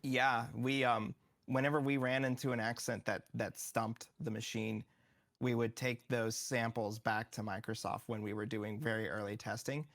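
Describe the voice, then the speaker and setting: A man speaks as a guest in a studio interview, his voice full of gravelly fry. He explains things eagerly and acts out the lines that players say. His pitch sits in a middle range. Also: level tone, normal speed, fairly bright tone. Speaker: game developer guest.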